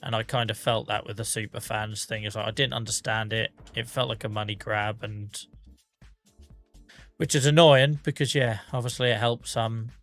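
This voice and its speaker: This livestream host has a fairly low, fairly even voice with a fairly bright tone, speaking at a moderate pace as soft music plays behind him. He chats casually with viewers while gaming, reading their comments and mocking himself.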